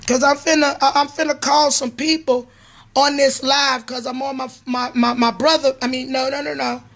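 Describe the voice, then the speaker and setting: Furious middle-aged woman, high and sharp. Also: flat delivery, normal speed, soft background music. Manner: furious, repetitive, swearing, sometimes shouting. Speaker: prophetess and pastor of a church. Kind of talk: angry livestream rant.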